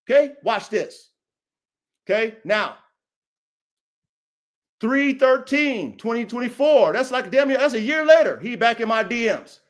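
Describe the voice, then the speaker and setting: Male podcast host, AAVE speech, very high voice, combative and repetitive, addressing a rival directly. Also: animated, measured pace, long pauses. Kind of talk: confrontational livestream call-out.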